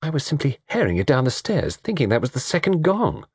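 A man voicing a hurried, insistent young woman guest in a storybook reading. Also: medium pitch, wildly swooping pitch, darkish tone, breathy edge, dry recording, studio quality, pitched above the performer's own voice. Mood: earnest.

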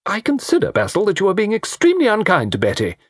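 An anxious, doting older mother, as a male reader voices her, pitched very high and full of indignation. The husky voice is recorded dry and close. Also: wildly swooping pitch, quick pace, no room sound, exaggerated voice. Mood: indignant.

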